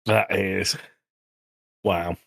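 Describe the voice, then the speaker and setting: A man's voice: low voice, fairly even intonation, drawn-out words, creaky, fairly bright tone, breathy edge. A young man from England co-hosting a podcast, swapping jokes and teasing in loose casual banter. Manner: jokey, teasing, swears casually. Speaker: podcast co-host.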